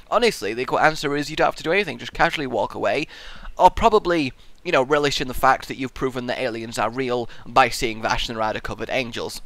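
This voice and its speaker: A man casually answering viewer questions in a goofy, animated way, often breaking into shouts and sound effects. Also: medium pitch, dry recording. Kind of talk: casual Q&A vlog.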